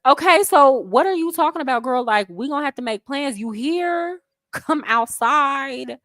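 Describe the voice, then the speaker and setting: An American expat living in Colombia hosts a casual travel livestream, chatting animatedly with viewers, answering their comments, laughing often and using slang. Her voice sits high and is expressive, a bit bright and a little fast. The recording is dry and studio quality.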